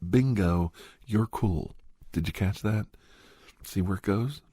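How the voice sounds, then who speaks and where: A man's voice: lowish voice, slow, warm tone, husky, no room sound. A middle-aged man in a whispered role-play as a counselor, giving rambling, coaxing advice in a half-whisper close to the mic.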